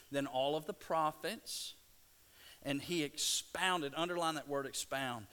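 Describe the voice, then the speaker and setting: A middle-aged man preaching a sermon, telling scripture stories with lively restarts and stammers. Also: medium pitch. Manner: animated storytelling, stammering restarts.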